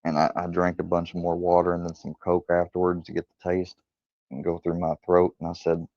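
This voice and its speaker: Gravelly deep-voiced man telling stories. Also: monotone, fairly quick, a little mellow, no room sound. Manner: rambling, profane, retells dialogue with quoted voices. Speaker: streamer. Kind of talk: casual storytelling livestream. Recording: dull lo-fi stream audio.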